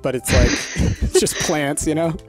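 A man's voice: fairly high pitch, measured pace, faint music behind. A man hosting a casual gaming session, chatty and playful, laughing often. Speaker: gaming video host. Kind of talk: casual gameplay chat.

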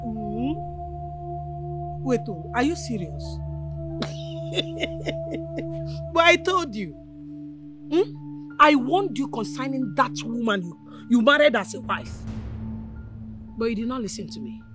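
A woman's voice: a little high, sing-song, takes it slowly, long pauses, over music. An actress with a Nigerian accent playing an older mother who scolds and mocks her son, laughing between taunts. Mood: mocking. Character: mocking scolding Nigerian mother, loud and gloating.

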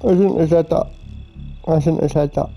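A young man hosting his own gaming channel, giving an excitable let's play commentary with plenty of swearing and shrieks when things go wrong. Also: on the high side, normal speed, gravelly. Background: game music.

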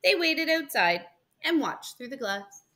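A woman reads a picture book aloud to children, her voice lively and leaping up and down in pitch. Her tone is bright and clear. She reads with playful storytime energy. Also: measured pace. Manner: animated and expressive, with gasps and playful asides.

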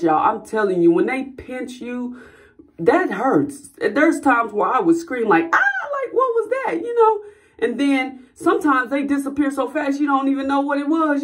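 A woman talks straight to her viewers in a relaxed vlog. She rambles in a chatty, personal way and keeps calling her audience y'all. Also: mid-range voice. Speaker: vlogger. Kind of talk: casual talk to camera.

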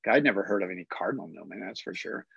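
A man's voice: low voice, lively intonation, fast, gravelly, highs cut off, a crowd in the background. An older man, a guest in an interview, telling a personal story in a hesitant way, often repeating and restarting his words. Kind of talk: storytelling in a conversation.

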